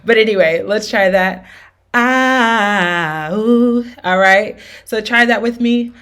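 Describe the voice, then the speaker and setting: A woman's voice: medium pitch, fairly even intonation, moderate pace, a bit bright. A woman teaching an R&B singing lesson with demonstrations, upbeat and encouraging, often checking in with her students. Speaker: vocal coach.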